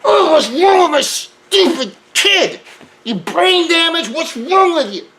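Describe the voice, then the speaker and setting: A man putting on a shrill, exasperated mother, pitched far up and slowed down as she scolds her clever child. Her voice sits well above his own. She draws out every word of the telling-off. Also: expressive, noisy background, exaggerated voice.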